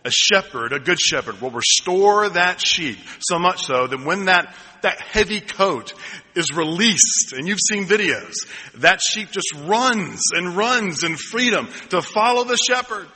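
A man preaching a sermon as pastor, telling a story slowly and building to ringing, repeated lines. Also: sits high, animated, bright, forceful tone, slightly rough. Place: church sanctuary. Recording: long hall reverb.

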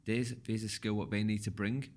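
A man hosting a casual podcast, relaxed and a little slurred when he talks quickly. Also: on the low side. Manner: relaxed, slurs words when talking fast. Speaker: podcast host.

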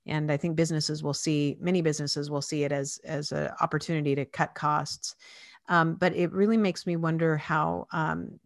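A woman's voice: low-pitched, dry recording, clean studio sound. A woman in her fifties hosting a casual conversation, thoughtful and talking with many fillers. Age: 50s.

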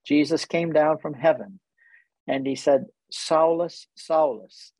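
Man, earnest storyteller, easily moved, gravelly tone, close and dry sound. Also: fairly high pitch, fairly even intonation, measured pace, mellow, no room sound, low-quality recording. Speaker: guest who leads tour groups to Israel. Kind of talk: personal storytelling in conversation.

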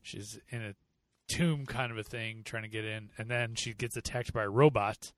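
A man's voice: fairly low pitch, steady tone, normal speed, no echo. An American man co-hosting a podcast, chatting casually and sarcastically about a movie and mocking bad accents. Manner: sarcastic, mocks accents in loud bursts. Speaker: podcast co-host. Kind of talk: casual movie review chat.

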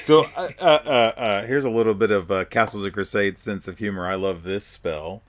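A man co-hosting a podcast, chatting excitedly about a game book and laughing easily. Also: on the low side, normal speed, no room sound. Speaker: podcast co-host. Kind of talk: casual chat reviewing a game book.

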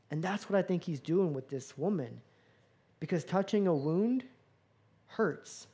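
A man preaching a sermon as a pastor, animated, acting out dialogue with playful asides. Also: sits high, unhurried, pauses often, husky.

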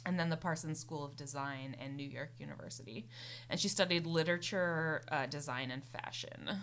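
A woman's voice: sits low, moderate pace, fairly bright tone. A young woman hosting a podcast, casually recounting a life story with lots of "um" and "like". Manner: rambling, many fillers and "like". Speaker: podcast host. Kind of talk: casual chat, recounting a biography.

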